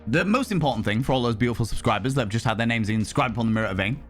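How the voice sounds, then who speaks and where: A man live-streaming and chatting to his viewers, loud, brash and theatrical, swearing freely. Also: medium pitch, animated, very fast, faint music behind.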